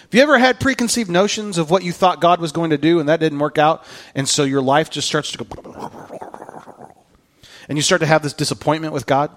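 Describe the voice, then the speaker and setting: Guy preaching a sermon, kinda high voice, earnest and chatty, repeats himself a lot. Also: brisk. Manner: conversational, earnest, repeats words. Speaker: pastor.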